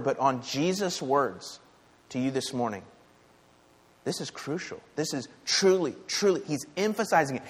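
A man's voice: mid-range voice, big-room sound. A man preaching a sermon in a church, with a conversational, emphatic delivery and frequent rhetorical questions to the congregation. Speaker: pastor. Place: church sanctuary.

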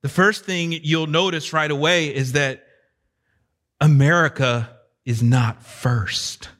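Male pastor with a slightly raised pitch, lively and chatty, questions the congregation as he preaches. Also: slow. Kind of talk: sermon.

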